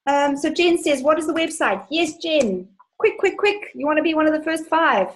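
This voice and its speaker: A woman's voice: high voice, animated, normal speed, poor audio. A woman money coach hosting a live webinar, answering viewer questions with enthusiastic, chatty storytelling.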